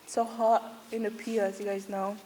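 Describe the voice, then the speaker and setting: A woman's eulogy for her grandfather at a church service mixes held-back tears with funny anecdotes. Her voice is warm and medium-pitched with little pitch movement, at a moderate pace, and the hall echoes with faint noise.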